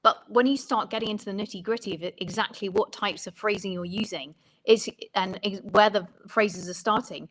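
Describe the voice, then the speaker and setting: A woman's voice: mid-range voice, fairly bright tone, low-quality recording. Woman songwriting coach explaining patiently. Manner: thoughtful, explanatory, pauses to rephrase.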